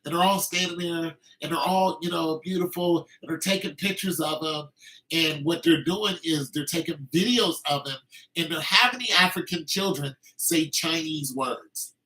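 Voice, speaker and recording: A man's voice: on the high side, normal speed, bright, forceful tone, rough recording. A man hosting a podcast, delivering an opinionated casual monologue, heated and emphatic with frequent restarts. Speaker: podcast host.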